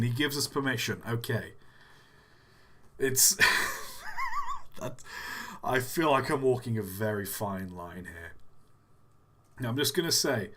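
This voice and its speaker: Young man, bright animated voice, joking host of a laid-back stream. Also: mid-range voice. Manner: chatty, joking, rambling with fillers. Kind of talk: casual livestream chat.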